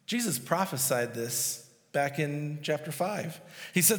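A man's voice: fairly high pitch, expressive, measured pace, fairly bright tone. A male pastor preaching a sermon in a conversational, emphatic way with casual asides. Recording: long reverb of a hall.

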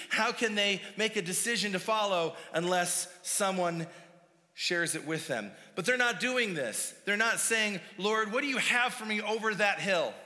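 A male pastor delivers a sermon with an animated, emphatic style, pushing his voice up for key points and slipping into quick asides. His voice sits high and bright. It carries through the long reverb of a large church hall. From United States.

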